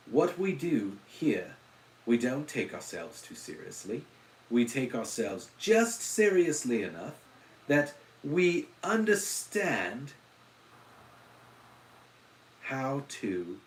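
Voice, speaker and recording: A man voicing a posh upper-class Englishman in an exaggerated posh English accent, lecturing in a haughty, drawn-out formal way. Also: mid-range voice. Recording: roomy echo.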